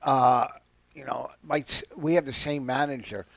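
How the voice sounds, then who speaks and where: A man's voice: medium pitch, steady tone, moderate pace, creaky, dry recording. A man, a comedian, telling stories in a casual radio talk and laughing often. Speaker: guest comedian.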